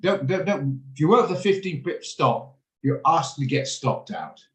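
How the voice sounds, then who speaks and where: A man's voice: fairly high pitch, sing-song, measured pace. A man hosting an online trading session, chatty and blunt, often rambling off topic, heard over a video call. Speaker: trading room host. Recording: roomy echo on a video call.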